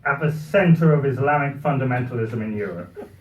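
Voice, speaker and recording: A man's voice: mid-range voice, lively intonation, fairly quick, a little hiss or hum. A British man giving a satirical comic speech at a party, with a dry, ironic delivery. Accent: British English. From Britain. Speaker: after-dinner speaker. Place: party venue with live audience. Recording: roomy, distant, muffled live recording.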